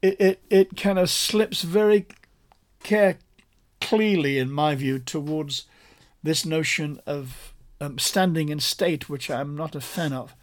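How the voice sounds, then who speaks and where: A man's voice: a little high, slow pace. A man preaching a sermon, explaining a passage point by point in an earnest, emphatic way that repeats key phrases. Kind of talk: sermon teaching.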